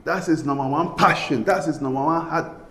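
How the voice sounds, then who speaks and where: A man from Ghana preaching a sermon as pastor, swinging between loud passionate bursts and hushed pleading. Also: fairly high pitch, moderate pace, reverberant, slight background noise.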